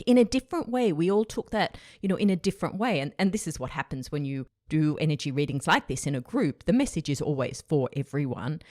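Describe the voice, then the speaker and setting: A woman's voice: low-pitched, a little mellow, dry recording, studio quality. A woman hosting her own podcast, talking in a chatty, reflective way with frequent light laughs. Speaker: podcast host. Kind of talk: casual solo podcast chat.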